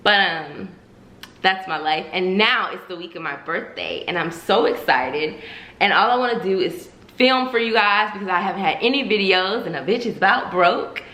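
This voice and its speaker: A woman's voice: medium pitch, expressive, moderate pace, pushed and bright. Candid profane young woman vlogger. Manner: candid, profane, addresses viewers as y'all. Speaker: YouTuber. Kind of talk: casual vlog confession to viewers. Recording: echoey room.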